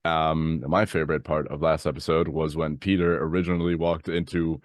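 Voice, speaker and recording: A hoarse man with an extremely deep voice, worn from a day of shouting, jokes deadpan as a player on a tabletop podcast. His voice sounds close and dry. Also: normal speed, no room sound. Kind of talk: casual podcast chat.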